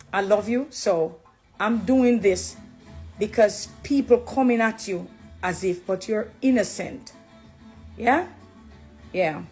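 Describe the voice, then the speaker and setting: A middle-aged Jamaican woman talking straight to her viewers, preachy and affectionate, slipping between English and patois. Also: on the high side. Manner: warm, preachy, switching into patois. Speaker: dancehall artist turned Christian. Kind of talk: direct address live video.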